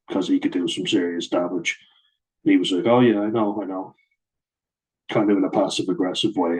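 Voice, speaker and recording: A man's voice: low-pitched, darkish tone, poor audio. A middle-aged man, bluntly telling a personal story to camera in a sweary, aggrieved way. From Ireland. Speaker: vlogger.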